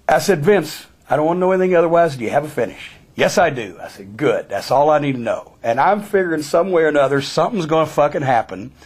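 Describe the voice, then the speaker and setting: A man being interviewed who tells a story bluntly, with heavy swearing and animated retelling. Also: fairly high pitch. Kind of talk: profane storytelling.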